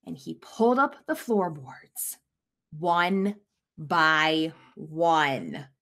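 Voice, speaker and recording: A woman's voice: low voice, lively intonation, extremely slow, a bit bright. A young woman reading a picture book aloud to children, stopping to ask them questions about the pictures. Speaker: school staff reader. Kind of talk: children's storytime read-aloud.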